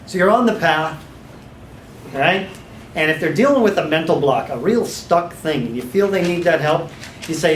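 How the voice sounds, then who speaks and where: A man teaching a small class of hypnotherapy students, sometimes slipping into a slow, authoritative guided-imagery voice. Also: on the high side, expressive, a little hiss or hum. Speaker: hypnotherapy trainer. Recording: echoey room.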